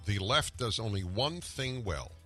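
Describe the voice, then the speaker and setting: A man's voice: on the low side, animated, unhurried, fairly bright tone, faint music behind. An older man hosting a talk radio show, arguing with a caller and then delivering emphatic, combative commentary.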